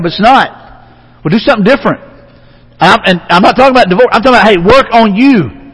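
High-voiced pastor preaching in a hall. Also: male voice, fast, fairly bright tone, husky. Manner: conversational, repeats words, asks the audience questions. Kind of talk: sermon.

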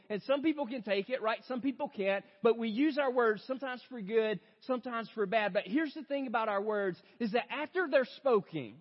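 A male pastor preaching a sermon in a conversational way, often tagging lines with "right?", and reading scripture more slowly and softly. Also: sits high. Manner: reads scripture slower and softer. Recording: reverberant hall, dull lo-fi sound.

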